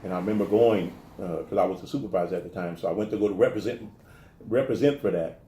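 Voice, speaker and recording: A man from the telling stories in a casual interview, animated and restarting his sentences often. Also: sits low, fast talker, reverberant. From American South. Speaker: guest talking about his life.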